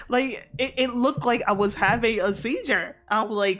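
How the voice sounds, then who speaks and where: A woman's voice: fairly high pitch, unhurried, a bit bright. A woman streamer telling a casual, rambling story to her chat, full of fillers, restarts and the odd swear word. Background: faint background music.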